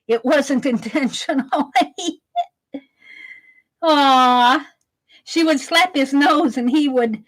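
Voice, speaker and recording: Slow-talking woman sketching on a live stream. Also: high-pitched, low-quality recording. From Wisconsin. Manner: chatty, reads chat aloud while sketching. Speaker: art streamer. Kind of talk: live-stream art chat.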